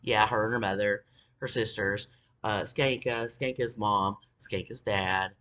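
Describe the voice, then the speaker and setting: A woman's voice: extremely low pitch, steady tone, unhurried, fairly bright tone. A woman telling a story in a casual, rambling rant, swearing often and filling her talk with ums and likes. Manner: profane, rambling, full of fillers. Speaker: vlogger.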